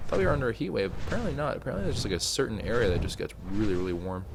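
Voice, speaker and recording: A young man casually commenting on his gameplay, joking and complaining, sometimes pleading loudly. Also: fairly low pitch, rapid-fire, creaky, background noise. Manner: animated, joking, swings to loud pleading. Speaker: gaming YouTuber.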